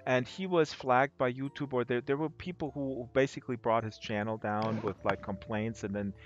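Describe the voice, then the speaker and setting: A man's voice: medium pitch, steady tone, moderate pace, soft background music. A man hosting a live stream, chatting casually and telling rambling stories with many hesitations. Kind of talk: casual chat. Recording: dull lo-fi stream audio.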